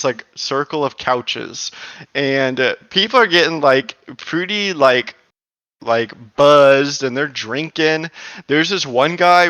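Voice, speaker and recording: A man's voice: fairly high pitch, bright, forceful tone, smooth, no echo, highs cut off. A man in his thirties telling a long story in casual chat, rambling with lots of fillers and laughs.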